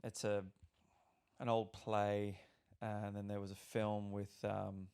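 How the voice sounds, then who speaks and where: A young Australian actor talking casually on a podcast, rambling and swearing freely with lots of restarts. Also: male voice, fairly low pitch, monotone, slow, a little mellow, clear, resonant tone.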